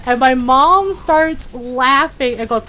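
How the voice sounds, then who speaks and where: A woman streamer chatting casually while gaming, telling animated stories and laughing often. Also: high-pitched, takes it slowly.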